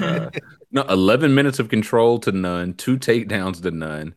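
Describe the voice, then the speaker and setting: A man's voice: on the low side, lively intonation, moderate pace. A man co-hosting a casual sports podcast, making sarcastic jokes. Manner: joking, sarcastic asides. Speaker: podcast co-host.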